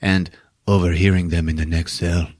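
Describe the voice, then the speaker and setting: A man casually recapping a movie for a podcast, swearing, laughing and acting out the characters in quick voices. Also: deep voice, little pitch movement, darkish tone. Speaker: podcast host recapping a film.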